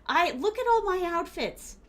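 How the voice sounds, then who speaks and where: Her voice is very high-pitched with big pitch swings and a moderate pace as this woman, a VTuber, streams a game. She's chatty and giggly, addresses chat as "my starlings," says "like" a lot, and sprinkles in Japanese phrases during the casual stream chat.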